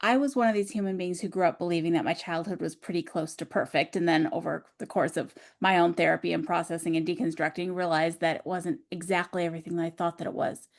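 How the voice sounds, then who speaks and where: A woman's voice: fairly low pitch, steady tone, fast, few pauses. A woman co-hosting an advice podcast, talking openly and reflectively about her own experience. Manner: open and reflective, sharing personal experience. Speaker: podcast co-host. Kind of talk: reflective personal chat.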